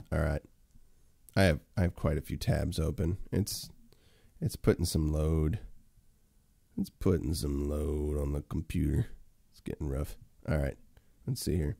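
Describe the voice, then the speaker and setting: A man's voice: very deep voice, gravelly, warm tone, dry recording, clean studio sound. A man hosting a casual solo livestream, rambling with many fillers and talking to his chat viewers. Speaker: livestream host.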